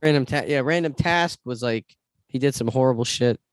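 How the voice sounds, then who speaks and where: A man's voice: mid-range voice, a little fast, clean tone, dry recording. A man co-hosting a casual podcast chat, joking and crude, often laughing. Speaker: podcast co-host.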